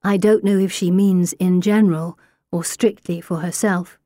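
A woman narrates an audiobook in the first person, with a steady, wry delivery. Her voice sits a bit low and sounds warm and mellow. The recording is dry and close, with no room sound. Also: normal speed, no echo.

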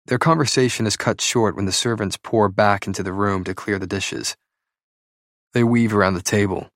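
Low dude reading a novel out loud, slow and deliberate, super dry close sound. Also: male voice, no echo. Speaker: audiobook narrator. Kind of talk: first-person fiction reading.

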